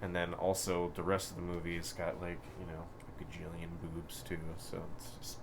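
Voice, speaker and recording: A man co-hosting a casual chat in a comic shop, rambling with lots of fillers and animated bursts. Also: low voice, moderate pace, very noisy. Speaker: co-host.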